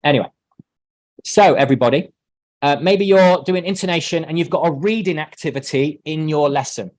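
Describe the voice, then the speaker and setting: A man's voice: a little high, normal speed, no room sound. Man explaining teaching on a video call. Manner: relaxed, explanatory, acts out sample lines. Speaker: teacher trainer. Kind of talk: online teaching workshop.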